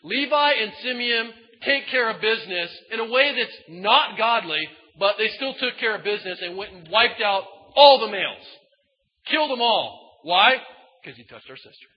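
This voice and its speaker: A man preaching a sermon in a casual, folksy way, swinging between loud emphatic bursts and quiet asides. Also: high-pitched, sing-song, normal speed. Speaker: pastor. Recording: dull sound in a large reverberant hall.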